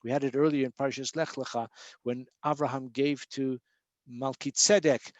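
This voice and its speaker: Casual, dry-sounding rabbi explaining scripture. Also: male voice, medium pitch, steady tone, no echo, muffled recording. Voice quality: fills pauses with many uh and um, restarts phrases. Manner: chanting Hebrew verses slowly, then explaining in English. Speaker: rabbi teaching Torah portion. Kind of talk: informal Torah class.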